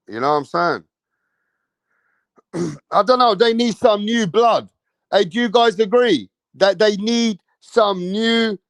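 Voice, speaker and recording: A man's voice: sits high, dry recording. A man hosting a casual livestream, swearing and using slang as he rants and talks to his chat. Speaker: livestream host.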